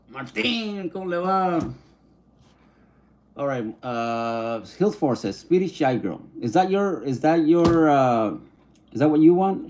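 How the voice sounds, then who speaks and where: A man's voice: mid-range voice, darkish tone. Laid-back man on a livestream. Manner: easygoing, mixes English and Spanish slang, sounds out names slowly. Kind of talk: casual live-stream chat, reading viewer comments.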